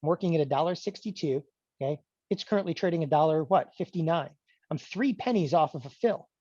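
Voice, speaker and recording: A middle-aged man teaching option trading in a live webinar, energetic and emphatic, with mock-panicked asides. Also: on the high side, a little fast, no echo, lo-fi sound. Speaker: trading educator. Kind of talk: live webinar screen-share demo.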